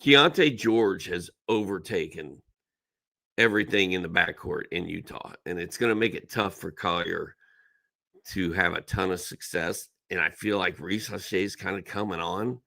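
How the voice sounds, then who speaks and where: A man's voice: deep voice, moderate pace, gravelly, bright, forceful tone. A middle-aged man hosting a casual live-stream Q&A. He reads viewers' questions aloud, then gives blunt, emphatic advice. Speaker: fantasy basketball analyst hosting a live Q&A.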